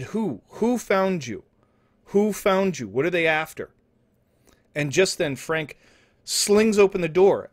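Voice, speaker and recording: A young man telling an absurd story in deadpan, rambling comedy style, with restarts and asides, sometimes dropping to mumbles and sometimes rising to loud outbursts. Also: medium pitch. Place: indoor home setup, streaming.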